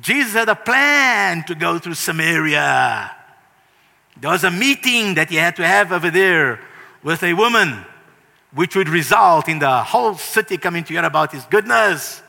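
A man preaching a sermon in an earnest, emphatic way, with sudden louder rises. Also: a little high, expressive, moderate pace, gravelly. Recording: reverberant hall.

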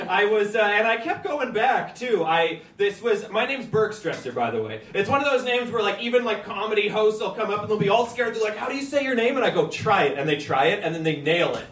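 High-voiced male stand-up host in an echoey room. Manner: animated, acts out panicked voices. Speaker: comedy show host. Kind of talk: stand-up comedy. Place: comedy venue, stage. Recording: echoey room recorded from a distance.

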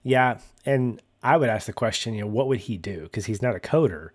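A man hosting a podcast, recapping a TV episode in a relaxed, chatty way. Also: mid-range voice, fairly quick. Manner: relaxed, laughs often, acts out quotes. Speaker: podcast host. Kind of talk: casual TV recap chat.

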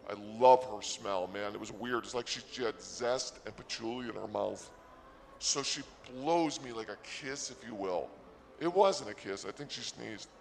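A man doing a rambling, absurd comic story on the radio, excitable at times. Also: on the low side, normal speed, creaky, big-room sound.

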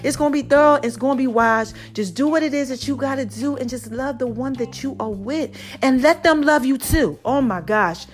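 High-voiced woman podcaster. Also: moderate pace, few pauses, faint music behind. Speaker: podcast host. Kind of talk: casual motivational monologue.

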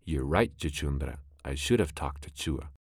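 A man voicing a brave, proud young male mongoose in a storybook reading, brisk and scornful. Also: very deep voice, lively intonation, dry recording, studio quality. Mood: tense.

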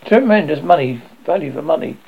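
A man puts on a fussy, nervous bursar who soothes and hedges as he answers. His husky voice sits high and swings about widely. The recording sounds dull and lo-fi. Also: animated, fairly quick. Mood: placating. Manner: hesitant, placating, nervous.

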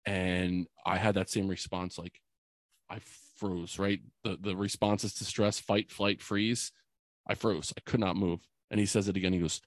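Man, forties, podcast guest; earnest, emotional storyteller, low voice, dry close mic. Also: steady tone, moderate pace, dry recording. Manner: earnest, emotional, many fillers like "like". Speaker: podcast guest, youth mentor. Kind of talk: personal storytelling in an interview.

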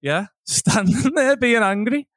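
A man's voice: extremely high pitch, animated, measured pace, a bit bright, dry recording, studio quality. A young man telling a crude, laughing anecdote on a podcast recorded from home. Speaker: podcast co-host. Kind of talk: casual chat, storytelling.

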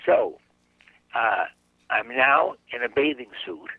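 In a radio interview, an older man who is a guest psychic tells a long, chatty anecdote and performs the dialogue himself. His mid-range voice is expressive and slow with a breathy edge, carried over a dry, phone-like narrow line without room sound.

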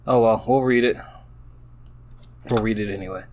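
Reading an AI-generated story aloud in a lowish, steady, darkish voice, a man goes slowly and haltingly. He stops often for laughing, amused remarks about the text, keeping it casual.

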